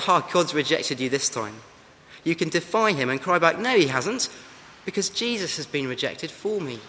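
An earnest man preaches a sermon, urging his listeners with rhetorical questions. His voice sits a little high for a man. It rings with the long reverb of a large hall over a faint hum. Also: bright, forceful tone.

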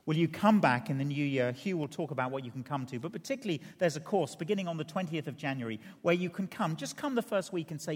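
A middle-aged man preaching a sermon, earnest and building to emphatic peaks before dropping quiet. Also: on the high side, animated, fairly quick, long reverb tail. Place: large church hall.

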